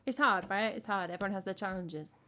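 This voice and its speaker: With a sharp tone and medium pitch, this English streamer in her thirties talks a little fast, chatting to her music livestream audience in a rambling, self-deprecating way. Her English accent drops T's; she's also a singer-songwriter.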